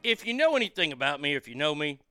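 A man's voice: a little high, big pitch swings, quick pace, pushed and bright, clear, resonant tone, no echo, faint music behind. A man hosting his own show, talking in a rambling, irreverent and profane way into a studio mic. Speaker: show host. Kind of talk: casual solo show monologue. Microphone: studio mic through a mixing board.

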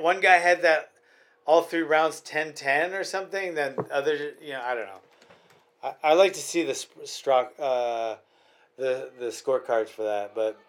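This man talks casually about fights as a podcast host. His voice sits a touch high for a man, and he rambles and restarts his sentences a lot.

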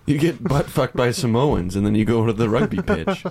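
A man bantering on a comedy podcast, his pitch bouncing around a lot as he jokes. He riffs fast and keeps drifting into little silly bits. A faint noise sits under the recording. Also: sing-song, a little mellow. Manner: playful, jumps into silly voices and bits. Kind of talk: casual comedy chat.

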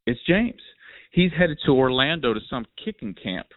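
A man hosting a podcast, telling stories in a lively, animated, casual way. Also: medium pitch, moderate pace, dry recording. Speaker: podcast host. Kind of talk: casual storytelling chat. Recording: tinny phone line, dry.

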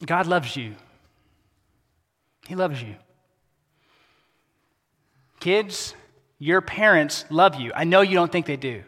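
A pastor preaching a sermon in a casual, conversational way, dropping to a soft, quiet voice for emphasis. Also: male voice, on the high side, animated, slow, pauses often. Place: church sanctuary. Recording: long hall reverb.

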